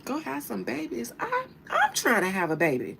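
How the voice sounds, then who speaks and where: A woman putting on an indignant woman singer, jumping into high squealing shouts and laughing through her lines. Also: huge pitch swings, normal speed, gravelly, a little hiss or hum, heavily acted.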